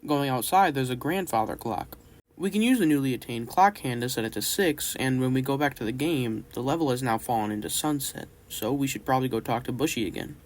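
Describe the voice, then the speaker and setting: A man's voice: mid-range voice, expressive, a little fast. Man narrating a horror game playthrough. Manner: casual, enthusiastic narration. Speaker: gaming YouTuber.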